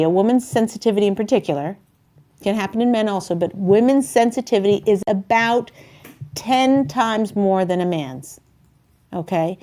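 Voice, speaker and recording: A woman hosting a talk show, giving relationship advice in a chatty, animated way and loudly acting out the people she quotes. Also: a little high.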